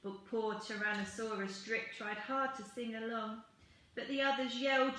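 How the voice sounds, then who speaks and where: A woman teacher reading a rhyming picture book aloud in an expressive, rhythmic storytelling manner. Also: on the high side, moderate pace. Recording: very echoey room.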